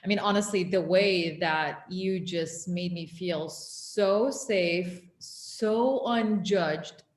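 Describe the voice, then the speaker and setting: Earnest woman in an echoey room. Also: fairly low pitch. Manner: earnest, drawn-out emphasis, laughs easily. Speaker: interviewer and former client. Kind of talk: casual interview conversation.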